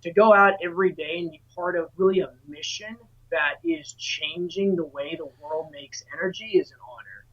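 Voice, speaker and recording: A man's voice: on the high side, moderate pace, hardly any pauses. A man being interviewed as a guest, speaking earnestly and with passion about his work. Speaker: guest, solar sales dealer. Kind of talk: interview answer. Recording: slightly dull lo-fi audio.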